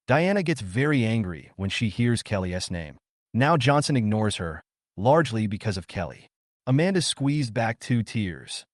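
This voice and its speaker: Lively male story narrator. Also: mid-range voice, normal speed, no echo, clean studio sound. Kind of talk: scripted narration.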